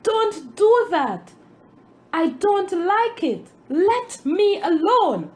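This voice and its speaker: Storybook talking bread, woman doing it, fearful and dramatic, very drawn-out delivery. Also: sing-song, dark tone, heavily acted. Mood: distressed. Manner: shrill, pleading cries.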